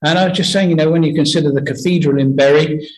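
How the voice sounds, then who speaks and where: A man giving an earnest, conversational sermon full of stories, often pausing and restarting his sentences. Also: a little high, fairly even intonation, a little mellow, rough recording. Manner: earnest, anecdotal, halting with many restarts. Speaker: preacher.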